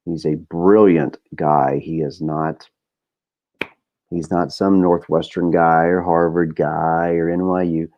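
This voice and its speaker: A man's voice: low voice, level tone, slow, lo-fi sound. A middle-aged man hosting a podcast, talking in a candid, rambling way with lots of fillers and swearing. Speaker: podcast host. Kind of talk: casual monologue.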